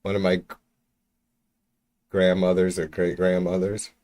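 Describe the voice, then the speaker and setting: Male streamer, lowish voice, loose profane rambling chat, mic at arm's length. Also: completely flat delivery, a little slow, a little mellow. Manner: rambling, profane, chatting to viewers. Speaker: livestreamer. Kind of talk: casual livestream chat. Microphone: mic about an arm's length away.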